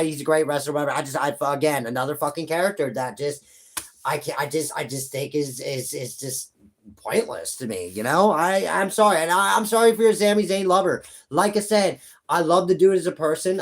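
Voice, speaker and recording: A man's voice: a little high, brisk. Heated, cursing young man ranting. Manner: profane, heated, rambling with many restarts. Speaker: YouTube wrestling commentator. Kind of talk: ranting vlog commentary.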